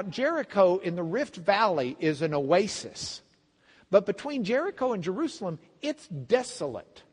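A man teaching a Bible class as a pastor, telling the story with lively acted-out voices. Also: sits high, husky, big-room sound. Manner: animated storytelling, acts out voices of the crowd and blind men. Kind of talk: sermon.

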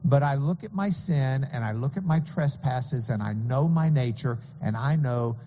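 A man's voice: medium pitch, moderate pace, warm tone, big-room sound, lo-fi sound. A man preaching a sermon as pastor, earnest and explanatory, with occasional stammering restarts.

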